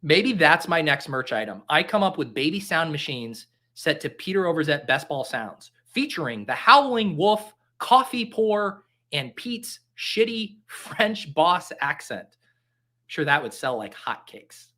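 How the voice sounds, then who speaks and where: A man's voice: on the high side, big pitch swings, unhurried, pushed and bright. A man hosting a casual livestream, joking and reading chat aloud in a mock-earnest way. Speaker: fantasy football streamer. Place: home basement.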